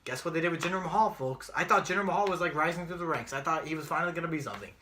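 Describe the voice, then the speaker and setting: A young man co-hosting a casual wrestling predictions podcast, ranting and cursing, rising into shouts when angry. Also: a little high, animated, rapid-fire, a little hiss or hum. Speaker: podcast co-host.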